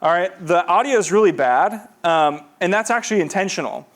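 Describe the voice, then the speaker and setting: A man's voice: sits high, lively intonation, a little fast, a little hiss or hum. A man giving a casual live presentation to an audience, talking loosely with lots of fillers and repeats. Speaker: conference presenter.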